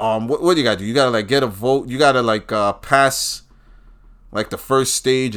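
Guy ranting and cussing nonstop, mutters then blows up loud. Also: fairly low pitch, clean tone. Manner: profane, ranting, swings from muttering to shouting. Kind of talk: profane political rant.

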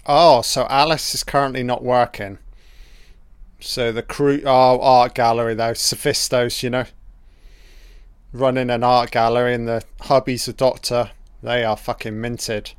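A man's voice: mid-range voice, level tone, a little slow, clean tone, dry recording. A man giving a casual, profane audio commentary over a film, joking and talking back at the characters.

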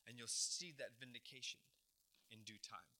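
A middle-aged pastor preaching a sermon in a very bright, crisp voice. He retells the story dramatically and leans hard on repeated words. His pitch sits in an ordinary middle range for a man. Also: fairly even intonation, moderate pace. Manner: dramatic retelling with acted quotes, emphatic repetitions.

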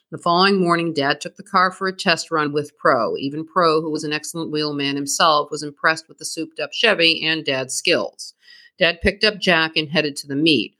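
True-crime podcast co-host, woman, bright, scripted storytelling read. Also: low voice. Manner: reads from a script, dramatic storytelling.

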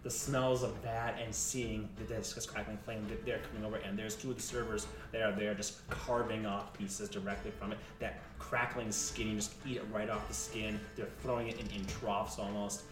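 A man narrating a tabletop game as game master, in a lively storytelling manner. His voice sits a bit back from the mic in an echoey room, with music running underneath. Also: fairly low pitch, moderate pace, hardly any pauses, far from the mic.

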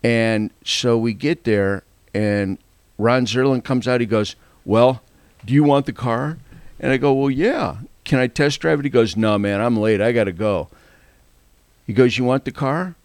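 An older man telling a long story in a casual, animated way, acting out the voices of the people he quotes and laughing often. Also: mid-range voice, unhurried, dry recording.

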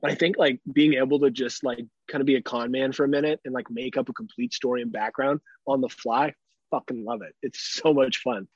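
A man in his thirties, a podcast co-host, swearing and laughing as he tells animated stories in casual chat. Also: mid-range voice, fairly quick, husky, no echo, dull audio. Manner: animated storyteller, swears a lot, laughs often.

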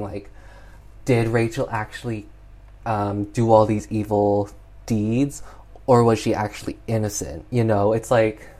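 A casual, exasperated reviewer walks through a film's plot, peppering every sentence with "like" and "um." The voice sits at an ordinary middle pitch. The delivery is loose, rambling and openly fed up. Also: warm tone. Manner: chatty, exasperated, heavy use of "like". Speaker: film reviewer. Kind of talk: casual film recap.

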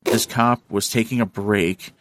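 In a studio, a man hosting a podcast tells a story in casual chat, animated and profane, acting out the voices of the people in it. His voice is lowish and his pace measured.

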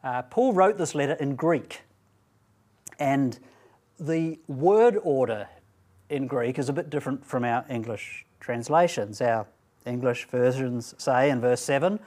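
A man giving a Bible talk at a student training event, speaking deliberately and emphatically and asking rhetorical questions. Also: mid-range voice, expressive, a little mellow.

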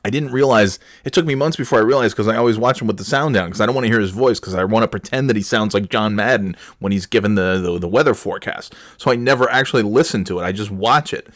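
Male solo podcast host, lowish voice, sarcastic and rambling, lots of fillers, dry recording. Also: fast, hardly any pauses, dry recording. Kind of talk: casual solo monologue.

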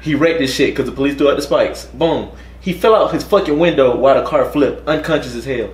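A young man chatting as a podcast co-host in an animated, profane storytelling way. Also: mid-range voice, fairly quick. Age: young adult. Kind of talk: casual chat. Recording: echoey room, faint noise.

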